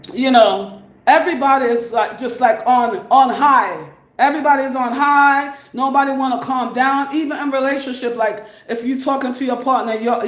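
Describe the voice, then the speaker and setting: A woman giving casual advice to her viewers, emphatic and rambling, repeating her points for stress. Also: on the high side. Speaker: vlogger. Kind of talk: casual advice monologue to camera. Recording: echoey room.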